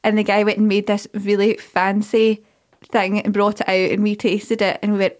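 A woman, co-hosting a podcast and chatting casually in animated, storytelling fashion. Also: medium pitch, moderate pace. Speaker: podcast co-host. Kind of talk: casual chat.

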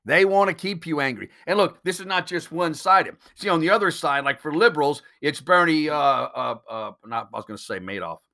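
A man's voice: a little high, gravelly, sharp tone. A man hosting a solo podcast, talking bluntly and emphatically, swearing freely and firing off rhetorical questions. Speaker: podcast host.

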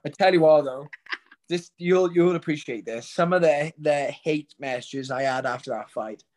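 A man's voice: on the high side, moderate pace, darkish tone. A young man, a fighter, telling stories in casual chat over a video call, laughing often and swearing. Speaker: professional fighter.

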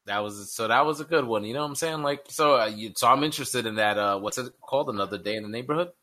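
A man's voice: mid-range voice, quick pace, pushed and bright. A man co-hosting a podcast in casual chat, laid-back and slangy as he chimes in. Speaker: podcast co-host.

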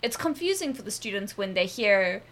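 A woman from South Africa who teaches English, with a South African accent tinged with American, chatting casually as a lively, laughing storyteller. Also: mid-range voice, normal speed, crowd noise. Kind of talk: casual chat.

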